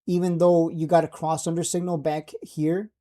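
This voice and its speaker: Man, market streamer. Brash, joking, dark tone. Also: fairly high pitch, flat delivery, moderate pace. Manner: brash, joking, laughs at own jabs. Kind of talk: casual market commentary.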